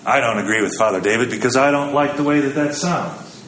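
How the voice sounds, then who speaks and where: A man's voice: medium pitch, brisk, fairly bright tone, roomy sound, slight background noise, poor audio. A man giving a sermon in a conversational, storytelling way, acting out the quotes he tells. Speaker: preacher.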